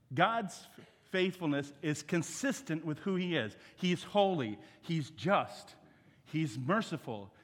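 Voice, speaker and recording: A man's voice: fairly high pitch, a bit bright. A middle-aged man preaching a sermon as guest speaker, emphatic and calling the congregation to repeat after him. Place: church sanctuary. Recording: church hall reverb.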